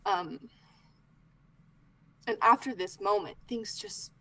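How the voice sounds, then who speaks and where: A woman playing Arlo, a grieving young man, talking in halting, pleading bursts that sink to whispers. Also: medium pitch, fairly bright tone, dry recording, poor audio.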